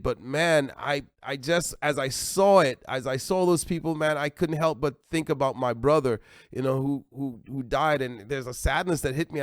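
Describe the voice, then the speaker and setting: A man with an American accent preaching a sermon as pastor, animated and acting out little everyday dialogues. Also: medium pitch, no room sound, clean studio sound.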